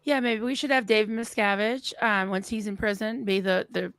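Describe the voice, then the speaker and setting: A woman's voice: mid-range voice, fairly even intonation, moderate pace, fairly bright tone, clear, resonant tone, no room sound. A woman hosting a casual live chat, effusive and chatty, laughing often. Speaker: host. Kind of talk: casual conversation.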